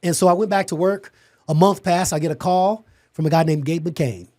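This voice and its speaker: A man with a somewhat high voice tells his own story on a podcast. He speaks with animated emphasis, restarts his sentences and laughs along the way. The recording is dry and close. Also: brisk, no room sound. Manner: repeats words, restarts sentences. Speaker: podcast guest, security company owner. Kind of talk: personal storytelling in a conversation.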